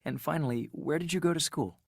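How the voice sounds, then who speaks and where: A man playing a radio show host in a scripted textbook dialogue, asking polite, measured questions. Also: a little high, creaky, no room sound, studio quality. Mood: friendly. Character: friendly adult male radio show host. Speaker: radio interviewer.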